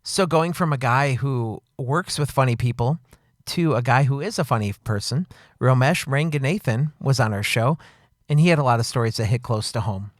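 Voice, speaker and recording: A male podcast host briskly introduces the next clip. The recording is dry and close. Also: mid-range voice, dry recording. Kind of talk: podcast hosting.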